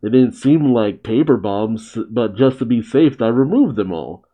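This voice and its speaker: Man voicing earnest young female ninja, soft, matter-of-fact, mellow. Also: medium pitch, animated, unhurried, dull audio. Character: earnest, polite, serious young kunoichi woman.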